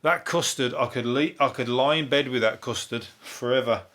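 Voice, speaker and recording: A man putting on a cheesy middle-aged TV food presenter who gives drawn-out, lusty praise to food. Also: medium pitch, a bit bright, natural voice.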